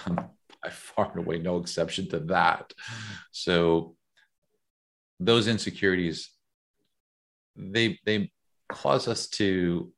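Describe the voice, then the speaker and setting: An interview guest with an extremely deep voice speaks in a reflective, measured way. He pauses often and fills the gaps with small fillers as he thinks. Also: creaky, a bit bright. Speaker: guest, author. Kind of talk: conversational interview.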